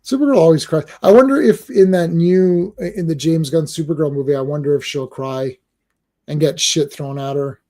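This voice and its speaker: A man's voice: a little high, normal speed, warm tone. A man hosting a comics podcast in casual chat, rambling along while he reads, often stammering and repeating words as he thinks aloud.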